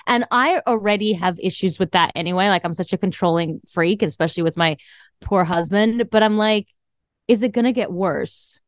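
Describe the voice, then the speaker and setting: A woman's voice: medium pitch, moderate pace, dry recording, clean studio sound. A woman in her late thirties co-hosting a podcast, chatting casually and teasing with frequent laughs. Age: late 30s. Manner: joking, teasing, laughs often. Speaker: podcast co-host. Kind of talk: casual chat.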